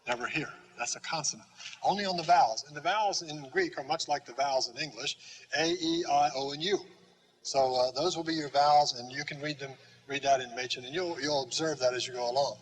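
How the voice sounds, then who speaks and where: Older man teaching, slow and halting. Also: fairly high pitch, slight background noise, rough recording. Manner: slow, patient, halting with many uh fillers. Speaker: Greek teacher. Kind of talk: classroom lecture.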